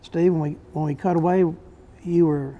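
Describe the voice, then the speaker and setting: A man's voice: fairly high pitch, fairly even intonation, moderate pace, dark tone, highs cut off. A man hosting a casual interview, prompting his guest and laughing along easily. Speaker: interview host.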